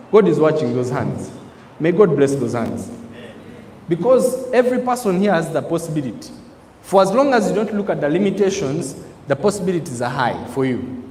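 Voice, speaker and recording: Man, motivational trainer, emphatic, lively pitch, long hall reverb. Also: slight background noise. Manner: emphatic, preacher-like, asks the crowd questions. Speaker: network marketing trainer. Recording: echoey hall, faint ambience.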